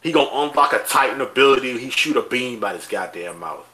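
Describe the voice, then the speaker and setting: A man co-hosting a podcast in loud, animated casual chat, swearing and laughing often. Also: medium pitch, fairly quick. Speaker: podcast co-host.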